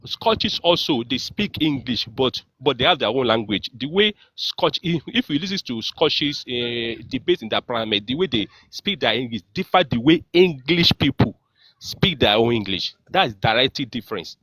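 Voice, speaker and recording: A man with a Nigerian Yoruba accent explains his point in an online group discussion. He is earnest, often repeats himself and fills gaps with "uh" and "okay". His voice sits at a middling pitch and sounds dry and close. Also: lively intonation, normal speed, fairly bright tone, no room sound. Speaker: guest speaker.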